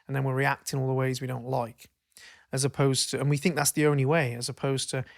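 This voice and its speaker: A man co-hosting a podcast in casual chat, rambling and self-interrupting, swearing freely and getting animated when he tells stories. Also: mid-range voice, a little fast, gravelly. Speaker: podcast co-host.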